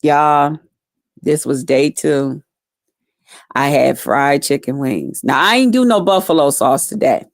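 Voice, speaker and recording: In a low voice with lively intonation, a woman vlogs to camera at an unhurried pace, telling stories bluntly and with plenty of swearing while chatting with live viewers. She's salty and talks straight to them in casual, profane storytelling. The sound is clean studio quality, with no echo.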